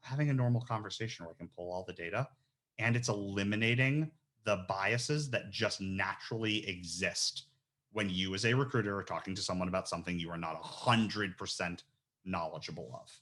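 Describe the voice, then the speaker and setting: Energetic slangy man demoing software. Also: deep voice, a little fast. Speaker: recruiter giving a software training. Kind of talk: casual webinar demo.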